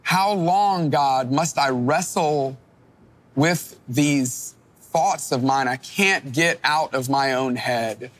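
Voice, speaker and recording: A man's voice: mid-range voice, slow, fairly bright tone. A middle-aged male pastor preaching a sermon in an earnest, emphatic way, often restarting his words.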